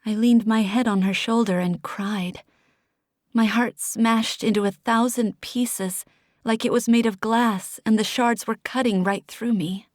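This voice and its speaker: A woman narrating a fantasy audiobook in the first person, with emotional, expressive storytelling. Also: on the high side, a little slow, dry recording, studio quality.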